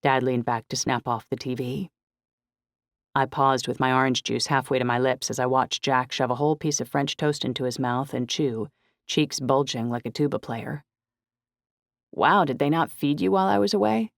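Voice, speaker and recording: A woman giving steady, measured first-person narration of a novel. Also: a bass voice, dry recording, studio quality. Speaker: audiobook narrator.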